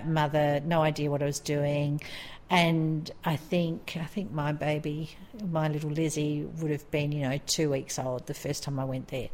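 A woman's voice: sits low, a little mellow. A woman in her forties with an Australian accent, co-hosting a podcast and telling a story in a rambling, chatty way with frequent laughs. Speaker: podcast co-host. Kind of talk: casual storytelling chat.

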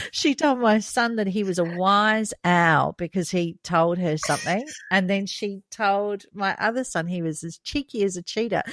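A woman's voice: medium pitch, dry recording. Woman in her fifties, podcast co-host, laughing storyteller, dry booth sound. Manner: lively, laughs often while telling stories. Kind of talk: casual storytelling chat.

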